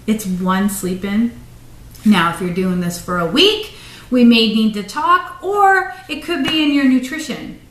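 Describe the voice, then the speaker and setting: On a phone livestream, a running and fitness motivator gives a casual, rambling pep talk that drifts into tangents. Her fairly high, slightly bright voice is expressive and a little slow, and the sound is roomy, picked up far from the mic.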